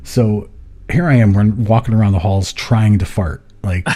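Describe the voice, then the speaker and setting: A man with a low, husky voice and a dark, mellow tone, chatting casually on a podcast. He tells his story with loose, profane energy and swears freely. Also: normal speed. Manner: swears freely, lively retelling. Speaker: podcast co-host.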